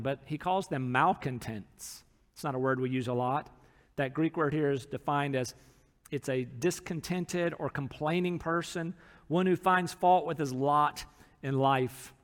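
Pastor guy preaching, high voice, earnest, lots of acted-out quotes, long echo like a church hall. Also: a bit bright. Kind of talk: sermon.

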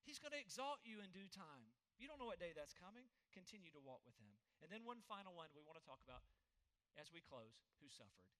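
A man preaching a sermon as pastor, earnest, rising to emphatic points and dropping to hushed tones, in a church hall. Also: high-pitched, very animated, fairly quick.

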